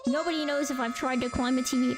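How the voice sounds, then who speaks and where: A woman streamer giving casual live reaction commentary, excitable and slangy, laughing and exclaiming often. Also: high voice, fast, loud music behind the voice. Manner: slangy, says bro.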